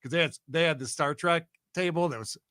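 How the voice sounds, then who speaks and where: A man co-hosting a podcast in casual chat, laughing often through lively banter. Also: on the high side, fairly quick, no echo. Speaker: podcast co-host.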